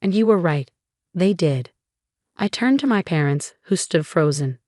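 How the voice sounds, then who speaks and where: A woman reading a scripted first-person story in an even, measured way. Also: on the low side, dry recording, clean studio sound.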